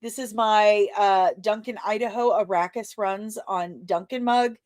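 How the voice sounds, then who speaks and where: A woman's voice: mid-range voice, fairly even intonation, unhurried, darkish tone, dry recording, studio quality. A woman hosting a podcast in casual chat, rambling and self-deprecating with many fillers. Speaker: podcast host and comic creator.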